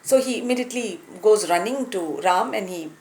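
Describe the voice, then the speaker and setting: A woman telling a moral story as a lesson, in a warm, unhurried way with some hesitation, recorded in a room with a roomy echo. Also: mid-range voice, animated. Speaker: storyteller, teacher.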